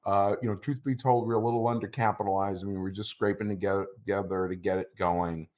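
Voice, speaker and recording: A middle-aged man telling a personal story as an interview guest, halting and repeating words, his voice choking up with emotion. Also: on the low side, steady tone, darkish tone.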